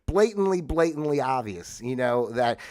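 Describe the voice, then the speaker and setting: A man hosting his own livestream, talking casually in a rambling way with many fillers and restarts, at times bursting into loud, exasperated outbursts. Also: mid-range voice, a little fast. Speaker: livestream host. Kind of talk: casual solo livestream monologue.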